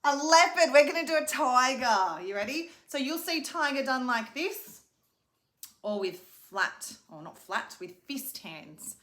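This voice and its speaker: A woman's voice: sits high, sing-song, fairly bright tone. A young woman, a speech pathologist, leads a children's lesson, teaching hand signs and singing a simple animal song in a sing-song way. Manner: sing-song, slow and clearly paced for a child. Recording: roomy echo.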